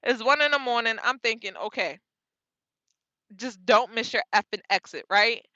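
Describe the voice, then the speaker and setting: Casting: young woman vlogger, high bright voice, lively storytelling, dry close mic. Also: normal speed, no echo, dull audio. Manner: animated, laughing, dramatic retelling. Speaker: vlogger, truck driver. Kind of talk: casual storytelling vlog.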